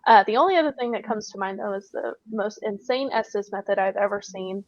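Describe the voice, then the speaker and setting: Brisk woman recounting a ghost hunt, dull mic. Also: mid-range voice. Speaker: paranormal investigator. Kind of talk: casual storytelling on a podcast.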